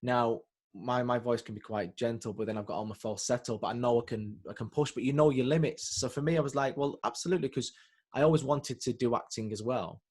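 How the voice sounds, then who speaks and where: Fast-talking man telling stories. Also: medium pitch, husky. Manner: chatty, animated storyteller, lots of fillers and restarts. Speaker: guest, singer and actor. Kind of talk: casual interview chat. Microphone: video call.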